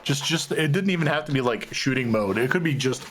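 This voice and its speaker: Relaxed man reacting with faint noise. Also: mid-range voice, a little fast. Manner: short reactive comments, relaxed. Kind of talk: casual chat.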